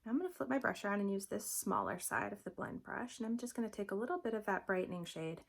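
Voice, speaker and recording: A woman's voice: fairly high pitch, creaky. A young adult woman talking through a makeup tutorial in a chatty, upbeat, instructive way. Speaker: makeup vlogger.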